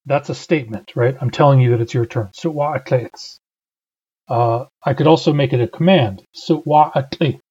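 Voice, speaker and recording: A man's voice: mid-range voice, fast talker, few pauses, a little mellow, slightly rough, dull audio. A man teaching a language class, explaining words and sentences patiently and methodically. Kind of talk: online language lesson.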